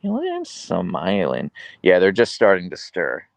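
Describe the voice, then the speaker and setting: A man chats casually with his live-stream audience, reading their messages aloud and rambling on with a dry, wry humor. His voice is low and gravelly, and his intonation is lively. It comes through a phone, close and dry. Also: moderate pace, no echo. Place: outdoor couch on a deck.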